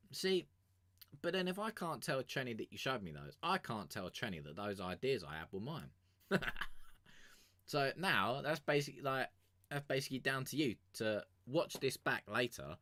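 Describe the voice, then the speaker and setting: A man's voice: mid-range voice, a bit bright, no room sound. A man chatting casually as a music review streamer, rambling and joking with frequent laughs. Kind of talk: casual chat.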